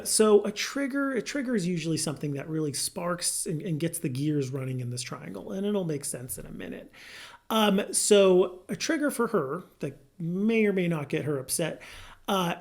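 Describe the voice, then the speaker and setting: A man, a licensed marriage and family therapist, explaining a therapy method to viewers in a lively, good-humored way. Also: a little high. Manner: lively, good-humored, laughs through personal example. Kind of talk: educational explainer to camera.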